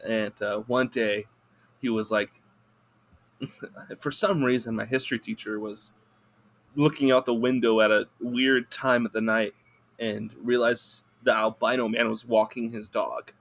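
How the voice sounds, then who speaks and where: A man's voice: mid-range voice, fairly even intonation, measured pace, fairly bright tone. A man guesting on a podcast, telling a rambling, profane story in casual chat and laughing through it.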